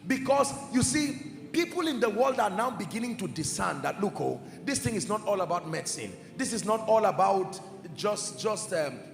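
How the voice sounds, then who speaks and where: A man preaching a sermon in an emphatic, fervent way, sometimes shouting and sometimes dropping to a hush. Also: high-pitched, very animated, moderate pace, vocal fry. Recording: echoey hall with music behind. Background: soft music.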